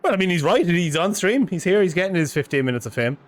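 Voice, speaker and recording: A man's voice: sits high, very animated, fast. A man co-commentating a sim race in a casual, bantering style, laughing easily.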